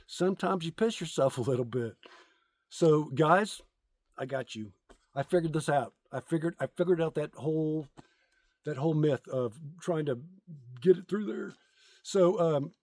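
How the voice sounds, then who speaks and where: A middle-aged man with a fairly high voice rambles through crude jokes in a casual vlog, full of ums and uhs. He is recorded outdoors, and the sound is close and dry. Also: a little mellow, no echo. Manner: crude, rambling joke-telling with many fillers. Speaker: content creator.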